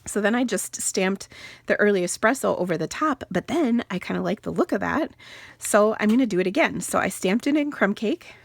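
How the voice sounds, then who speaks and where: A woman's voice: mid-range voice, vocal fry, background noise. A woman in her forties hosting a casual card-making tutorial, chatting and telling rambling family stories with laughing asides as she works. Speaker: card-making channel host.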